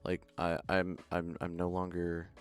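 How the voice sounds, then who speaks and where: A man's voice: deep voice, completely flat delivery, a little slow, soft background music. A young man around twenty, giving mumbled running commentary as he builds in a game stream. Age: young adult.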